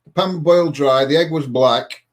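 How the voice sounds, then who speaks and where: A man, his voice sitting a little high for a man. He chats casually and adds dry, joking asides. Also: normal speed, slight background noise. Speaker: live stream co-host. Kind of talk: casual chat.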